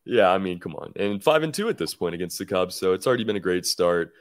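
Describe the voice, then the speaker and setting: Easygoing low-voiced podcast host. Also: male voice, expressive, fast talker, no room sound, studio quality. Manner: easygoing, promotional, conversational. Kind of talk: casual sports chat.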